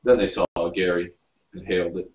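A man reading a story aloud, narrating in an unhurried storybook manner. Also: sits low, fairly even intonation, muffled recording. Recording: roomy, distant mic.

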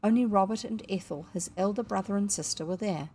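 A woman with a New Zealand accent narrating a children's book in a measured, expressive way. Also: mid-range voice, husky. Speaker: audiobook narrator. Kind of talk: storybook narration.

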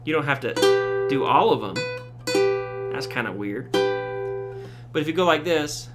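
Lively man teaching ukulele. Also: mid-range voice, measured pace, loud music behind the voice. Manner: relaxed, with frequent "uh" fillers, counts beats aloud. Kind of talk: casual music tutorial. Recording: loud ukulele under voice. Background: ukulele strumming.

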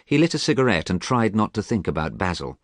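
Deep-voiced man reading a storybook. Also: big pitch swings, fast talker, dry recording, clean studio sound. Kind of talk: storybook reading for English learners.

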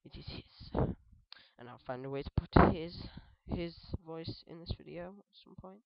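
A man's voice: on the high side, normal speed, vocal fry, no room sound. A British teenage boy rambling through casual, jokey let's-play commentary, often correcting himself mid-sentence. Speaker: gaming video host. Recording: dull dry lo-fi mic.

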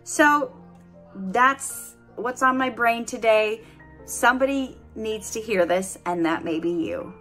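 A woman with a bright, high voice talks earnestly to her camera at home, offering motivational life advice. She is animated and laughs easily, and faint music sits under her voice. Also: slow. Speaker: vlogger giving life advice. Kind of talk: casual motivational talk to camera.

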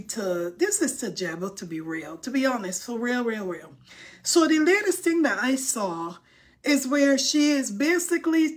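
Woman, livestream host, casual chat, somewhat high voice, informal dialect grammar, dramatic. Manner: chatty, dramatic mock-crying over likes.

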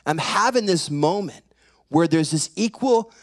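Animated man preaching through a story. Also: fairly high pitch, a little slow. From California. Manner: animated storyteller acting out voices. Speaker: pastor. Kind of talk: sermon storytelling. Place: church sanctuary.

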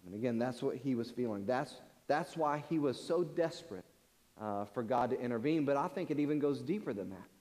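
A man's voice: medium pitch, lively intonation, a little fast, a little mellow. A man preaching a sermon in earnest, often repeating words as he presses a point. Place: large church sanctuary. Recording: long church-hall reverb.

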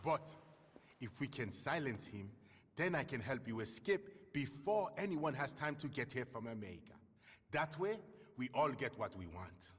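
Schemer, husky smooth voice, lively pitch, long reverb. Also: male voice, normal speed. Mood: scheming. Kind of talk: video game dialogue.

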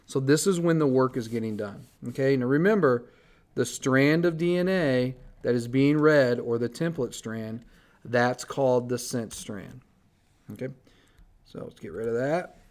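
A man's voice: medium pitch, measured pace, darkish tone. A man teaching biology in a recorded screencast lecture, talking casually as he draws on slides and corrects his own slips.

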